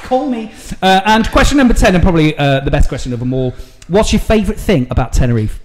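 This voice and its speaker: A man hosting a casual quick-fire interview, playful and teasing, laughing often. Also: a little high, sing-song. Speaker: podcast host.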